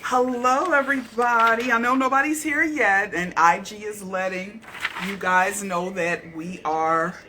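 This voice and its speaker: A woman's voice: medium pitch, a little slow, pushed and bright, a little hiss or hum. A woman hosting a casual livestream, chatting and greeting viewers with terms of endearment like honey and babe. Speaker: livestream host.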